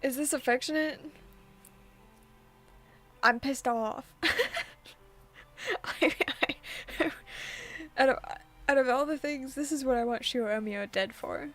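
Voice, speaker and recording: A woman's voice: sits high, steady tone, moderate pace, faint music behind. A young woman streaming a visual novel, reacting in an exasperated way with frequent sighs and fillers. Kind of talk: casual gameplay commentary.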